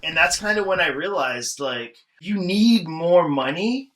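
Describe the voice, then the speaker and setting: A man's voice: fairly high pitch, expressive, measured pace, fairly bright tone, rough recording. A man guesting on a podcast, telling loose, profane stories in casual chat, full of "like".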